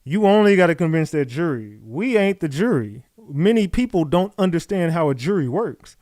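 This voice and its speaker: A man with a New York accent runs a live commentary stream, reading updates aloud and talking straight to his chat. His voice sits a bit high, and the sound is close and dry. He swears often and sounds animated throughout. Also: moderate pace, dry recording. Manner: profane, animated, talks to chat. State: out of breath. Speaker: livestream commentator.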